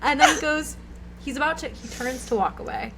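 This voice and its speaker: A woman's voice: sits high, lively intonation, brisk, sharp tone, slight background noise, rough recording. A young woman co-hosting a podcast, telling a rambling, giggly anecdote full of "like"s in casual chat. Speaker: podcast co-host.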